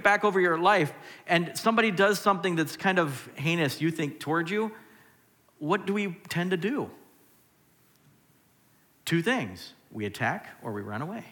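A man's voice: high voice, sharp tone, in a large hall. A man preaching a sermon as a pastor, talking conversationally and asking the listeners rhetorical questions.

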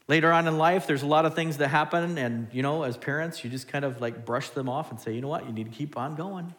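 A man preaching a sermon as pastor, animated, swinging between loud and hushed. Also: medium pitch, a little fast. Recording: long hall reverb.

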